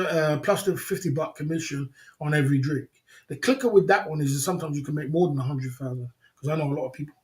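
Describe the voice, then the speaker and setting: A man hosting a livestream, telling rambling stories with many repeats and laughs. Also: fairly high pitch. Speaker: livestream host. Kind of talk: casual storytelling.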